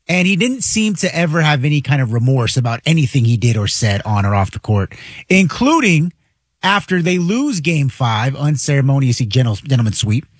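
A man with a slightly husky, lively voice sets up a sports discussion in a steady recap. The recording is dry and close. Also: medium pitch, normal speed, no room sound. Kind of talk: sports talk setup.

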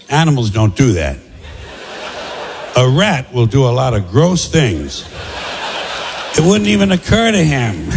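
A male comedian works the stage with a sardonic, mock-cheerful delivery and pointed rhetorical questions. His pitch roams up and down as he builds each bit. The sound carries a long hall reverb with a faint hiss underneath. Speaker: stand-up comedian. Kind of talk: stand-up routine.

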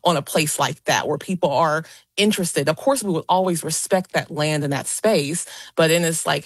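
Guest: lower-pitched woman, animated and chatty, dry close sound. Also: a little fast, slightly rough, no echo. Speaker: paranormal investigator guest. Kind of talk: radio interview answers.

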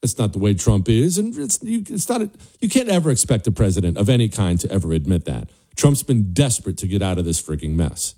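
A man's voice: fairly low pitch, big pitch swings, fairly quick, few pauses, mellow. A male talk show host giving an emphatic, scornful political monologue, repeating his points for stress.

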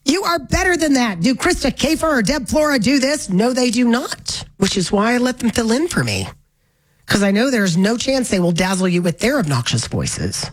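Woman, radio talk host, higher voice, wry, casual, reads listener texts. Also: big pitch swings. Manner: chatty and wry, with quick asides.

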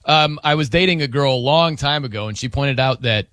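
A man's voice: mid-range voice, a little fast, fairly bright tone, no room sound. A middle-aged man hosting a radio show in casual chat, laughing often and mimicking how people say words.

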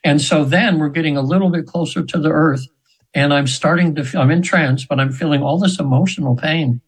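A man in his seventies, a radio guest, telling a long rambling story with restarts and frequent throat-clearing. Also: fairly high pitch, a little fast, low-quality recording. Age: 70s.

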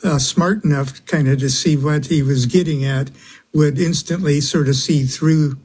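A man speaking as a guest on a radio interview, halting, with many fillers and small chuckles. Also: fairly high pitch, steady tone, a little mellow, breathy edge.

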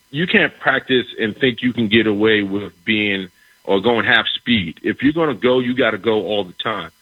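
Husky-voiced man telling a story. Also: mid-range voice, dry recording, narrow, tinny audio. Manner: animated, repeats words, acts out quoted dialogue. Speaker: former pro football player, guest. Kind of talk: casual storytelling.

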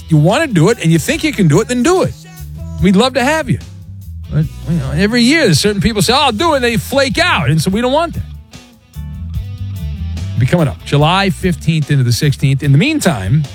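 A man hosting a talk radio show, brisk and teasing as he reads out listener questions. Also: high-pitched, sing-song, faint music behind. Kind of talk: sports talk radio chat.

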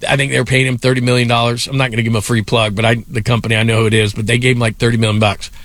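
A man's voice: medium pitch, little pitch movement, racing, a bit bright, no room sound. A middle-aged man hosting sports radio, telling rambling stories full of fillers and laughs. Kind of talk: casual sports talk.

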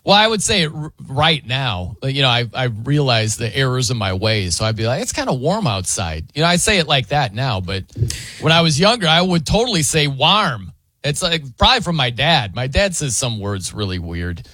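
A man's voice: mid-range voice, sing-song, brisk, sharp tone, dry recording. A man hosting a radio show, chatting casually and mimicking how other people pronounce words.

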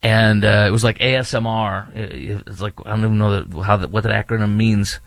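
A man's voice: fairly low pitch, fairly even intonation, fairly quick, creaky, no room sound. A man hosting opinionated political commentary, reading quotes aloud and rebutting them with mocking indignation.

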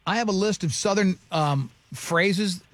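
A male radio host with a high, bright-sounding voice tosses out silly made-up sayings between laughs. His voice is close and dry, with no room sound. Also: measured pace, no room sound. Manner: joking, laughs often, reads made-up phrases. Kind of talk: casual radio banter.

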